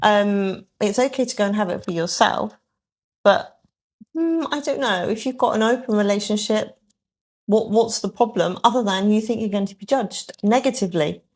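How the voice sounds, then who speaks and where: A woman's voice: medium pitch, normal speed. A woman talking as a guest on a podcast about her aesthetics work, thoughtful and hedging with many ums and restarts, with the odd dry sarcastic aside. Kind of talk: conversational podcast interview.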